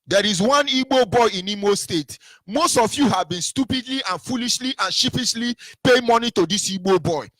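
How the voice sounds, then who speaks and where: A man's voice: high voice, lively intonation, moderate pace, fairly bright tone, dry recording. A Nigerian man giving an impassioned political monologue, preachy, repeating rhetorical questions and sometimes singing his lines. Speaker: activist broadcaster.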